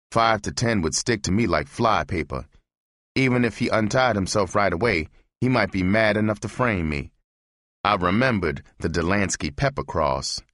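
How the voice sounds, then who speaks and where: A man narrating a novel as an audiobook reading, in a measured, steady way. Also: deep voice, dry recording, clean studio sound.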